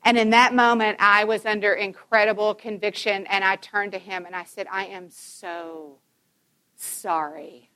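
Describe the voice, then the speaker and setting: A woman's voice: mid-range voice, a bit bright. A woman in her fifties giving a Christian conference talk to mothers, telling personal stories emphatically and acting out the dialogue.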